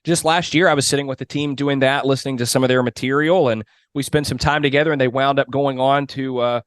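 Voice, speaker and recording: A man's voice: medium pitch, steady tone, quick pace, smooth, dry recording, studio quality. A man speaking as a podcast guest, talking energetically about coaching and speech delivery. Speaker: guest, mock trial competitor and coach. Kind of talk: casual podcast conversation.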